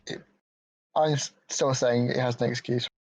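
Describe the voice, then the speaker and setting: A man's voice: medium pitch, fairly even intonation, normal speed, no room sound. A man co-hosting a podcast, making blunt, dismissive remarks about a movie in casual chat. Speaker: podcast co-host. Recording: audio with cuts.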